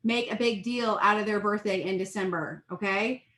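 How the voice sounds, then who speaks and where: A woman's voice: mid-range voice, normal speed, hardly any pauses, a bit bright, roomy sound. A woman giving a rambling, chatty and encouraging talk as a sales team leader. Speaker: network marketing team leader. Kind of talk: casual live video pep talk.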